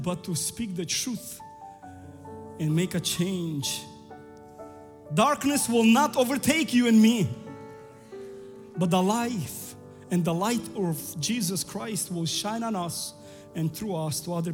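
A high-pitched man preaches in a church, his voice ringing with long reverb through the hall while music plays faintly beneath. He tells stories warmly and rises to fervent, shouted climaxes. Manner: storytelling, building to fervent climaxes. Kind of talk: sermon.

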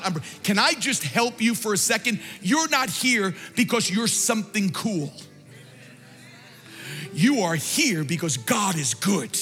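Pastor, male, high and bright voice, impassioned and repetitive sermon delivery, long hall reverb with faint music behind. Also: lively intonation, a little slow. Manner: impassioned preaching with repetition, shouting at peaks. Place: large church hall.

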